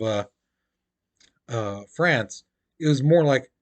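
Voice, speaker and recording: A man's voice: a little high, expressive, moderate pace, pauses often. A man teaching a history lesson in a casual, chatty way, full of "you know" and "basically", acting out quotes in playful voices.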